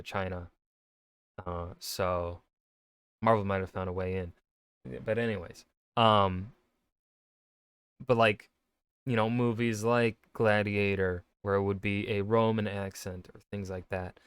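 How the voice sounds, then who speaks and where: A man's voice: fairly low pitch, clean tone, no room sound. A man, an author, giving casual reaction commentary, rambling with many fillers and restarts. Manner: rambling, lots of fillers and self-corrections.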